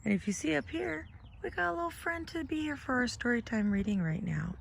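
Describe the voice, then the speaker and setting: A middle-aged woman reading a picture book aloud to young children, gentle and sing-song, pointing out the pictures as she goes. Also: high voice, animated, fairly quick, gravelly, a little hiss or hum. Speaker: children's storytime reader.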